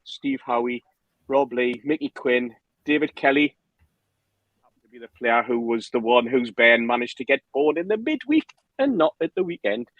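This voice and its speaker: A man's voice: medium pitch, no echo, low-quality recording. Chatty man telling a story. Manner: animated storyteller, acts out quotes, laughs often. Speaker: podcast guest telling a story. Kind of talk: casual anecdote.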